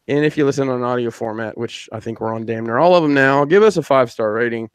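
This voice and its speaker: A man's voice: medium pitch, quick pace, clear, resonant tone, no room sound. A man hosting a podcast over a video call, joking loosely and swearing now and then. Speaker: podcast host. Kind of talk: casual chat.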